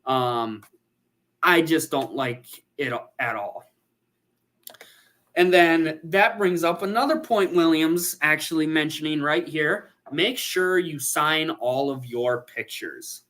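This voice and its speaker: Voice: medium pitch, slow, a bit bright. A photographer hosting a casual livestream, chatting and reading out viewer comments.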